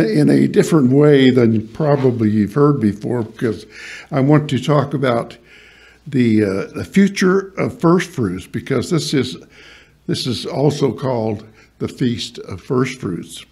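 Guy giving a sermon at church, slow and kinda husky, lots of uhs and restarts. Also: medium pitch, darkish tone. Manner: halting, many restarts and fillers, reads scripture aloud; quizzes the congregation lightly. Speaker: pastor. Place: church hall.

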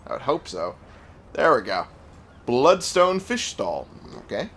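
Guy doing a laid-back let's play, slow talker, pitch all over the place, bit of hiss. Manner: chatty, jokey, animated pitch jumps. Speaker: gaming video host. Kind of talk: casual let's-play commentary.

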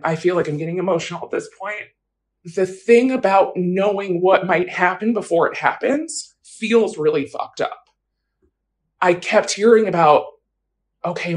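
A woman telling her own story in an interview, casual and blunt, with frequent fillers. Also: deep voice. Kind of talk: personal account in an interview.

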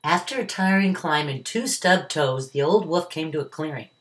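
A woman's voice: deep voice, moderate pace. An older woman, a retired teacher, reading a children's story aloud at home. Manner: warm, expressive reading to children.

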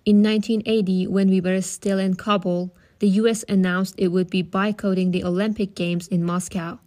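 Calm woman reading a novel aloud. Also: medium pitch, moderate pace. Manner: calm, steady. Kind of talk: audiobook-style reading.

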